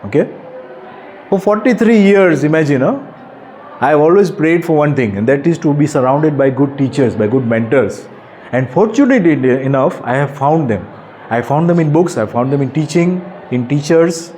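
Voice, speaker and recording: A man's voice: on the high side, lively intonation, normal speed, a little mellow, slight background noise. A man in his forties with an Indian accent, speaking earnestly to students at a school workshop and often putting questions to them. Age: 40s. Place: school classroom.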